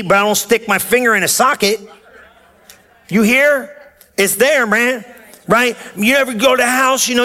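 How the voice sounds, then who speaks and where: A man preaching as a pastor, with energetic call-and-response delivery and many rhetorical questions. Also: very high-pitched. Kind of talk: sermon.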